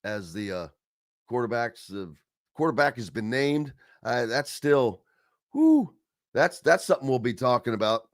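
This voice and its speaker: Male sports radio host, mid pitch, chatty and rambling, dry close studio mic. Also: sing-song, measured pace, no echo. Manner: chatty, rambling, reads listener comments aloud. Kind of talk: casual sports talk radio.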